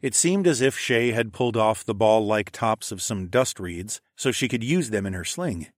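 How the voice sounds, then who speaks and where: A man's voice: fairly low pitch, lively intonation, moderate pace, dry recording, clean studio sound. A man narrating a first-person fantasy audiobook in a wry, sardonic tone with casual swearing.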